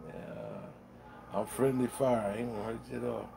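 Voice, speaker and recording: A man's voice: medium pitch, very animated, moderate pace, gravelly, background noise. A middle-aged man rambling bluntly in a casual monologue, full of profanity, recorded at home in his man cave. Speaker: vlogger.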